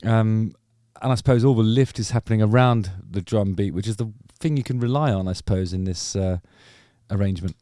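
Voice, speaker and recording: A man's voice: fairly low pitch, brisk, warm tone. A man hosting a music channel, reacting to songs in a rambling, hesitant casual commentary full of ums.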